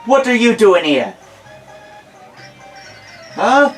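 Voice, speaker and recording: A man reads video game dialogue aloud, voicing a boastful, impatient male TV adventure host with a put-on Australian accent, pitched above his natural voice. His delivery is heavily acted and very animated, with drawn-out words, theatrical announcer flair and sarcastic asides. Faint music plays behind the low-quality recording.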